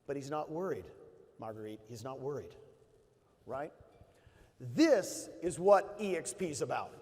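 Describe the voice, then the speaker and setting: A middle-aged man with a slightly high voice tells stories from a conference stage. He speaks with emphasis and repeats his key phrases. A long hall reverb trails behind his words. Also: very animated, normal speed. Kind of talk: motivational stage talk.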